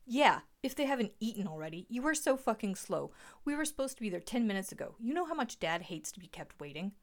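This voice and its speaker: Storybook role: a whiny, snappish young man, read by a woman, pitched a little higher than usual. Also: very animated, fast. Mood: complaining. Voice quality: complaining, snappish.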